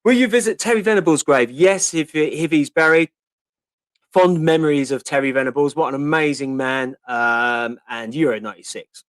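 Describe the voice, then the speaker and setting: A man's voice: a little high, moderate pace, no room sound. A man in his fifties with a Portsmouth accent, hosting a casual live-stream Q&A, chatting and reading out viewer questions with lots of ums. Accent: Portsmouth (Pompey). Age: 50s. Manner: chatty, answers viewer questions, reads comments aloud with many ums. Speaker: host.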